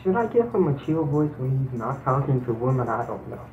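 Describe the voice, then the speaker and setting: Casual gameplay host doing hammy voices for the cast; dull, echoey home recording. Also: male voice, medium pitch, very animated, a little fast, darkish tone, soft background music. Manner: switches between hammy character voices and plain chatter. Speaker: let's play host voicing the game's characters. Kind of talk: casual gameplay commentary with acted dialogue readings.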